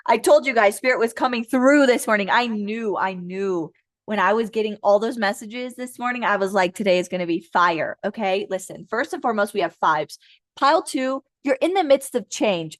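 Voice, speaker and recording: A young woman does a casual live tarot reading, blunt and swearing, slipping into quick high-pitched voices to imitate her listeners. Her intonation is lively, and the sound is clean studio audio with no echo.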